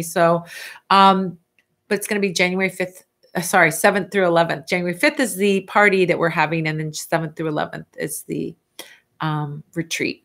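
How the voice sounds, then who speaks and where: A middle-aged woman hosting a casual live Q&A, chatty and animated as she answers viewer questions. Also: mid-range voice. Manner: chatty and animated, stretching words for emphasis.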